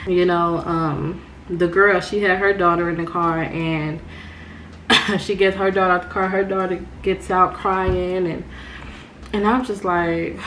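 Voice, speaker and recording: Slow-talking woman telling a storytime vlog. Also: fairly low pitch, a little hiss or hum. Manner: animated storytelling, addresses viewers as y'all. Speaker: vlogger.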